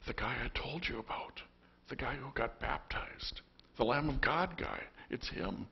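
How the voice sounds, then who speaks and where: A man's voice: medium pitch, slightly rough, dull audio, voice pushed up, full character voice. A man voicing Andrew, an earnest young fisherman eager to follow a new teacher. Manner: earnest, halting, excited.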